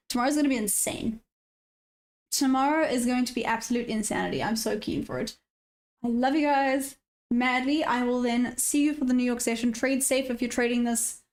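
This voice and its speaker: A South African woman hosting a live trading stream, chatting casually and answering viewers' comments. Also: a little high. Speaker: day-trading livestream host. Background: faint background music.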